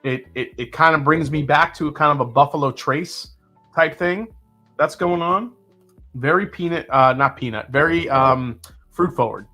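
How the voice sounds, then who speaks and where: A man's voice: fairly high pitch, moderate pace, soft background music. Chatty man hosting a whiskey tasting. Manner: relaxed, chatty, with fillers and sips. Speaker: whiskey livestream host. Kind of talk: casual live tasting chat, reading chat comments.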